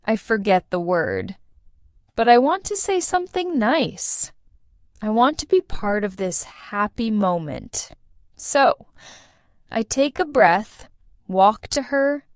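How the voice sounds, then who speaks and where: A woman reading a short first-person story aloud for English learners, in a slow and deliberate manner. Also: medium pitch, no echo, studio quality. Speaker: English teacher narrator.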